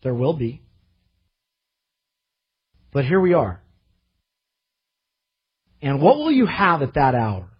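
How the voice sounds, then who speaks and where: A man preaching a sermon to his church, earnest, rising to loud pleading and dropping to quiet asides. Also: mid-range voice, wildly swooping pitch, takes it slowly, pauses often, slightly rough, muffled recording. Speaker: pastor.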